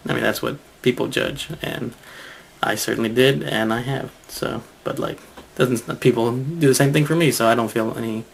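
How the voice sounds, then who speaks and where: A man talks through a comedy bit in a loose think-aloud monologue, his voice gravelly with vocal fry. He stops and restarts often and chuckles to himself between thoughts. Faint noise sits behind him. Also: mid-range voice, steady tone. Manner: halting, many restarts and fillers, chuckles to himself. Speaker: comedian developing material.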